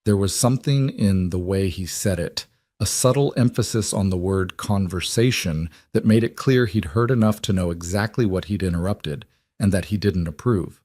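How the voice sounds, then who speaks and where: A man reading a western romance story in an even, unhurried storytelling voice. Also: deep voice, no echo, studio quality. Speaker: narrator. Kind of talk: scripted audiobook narration.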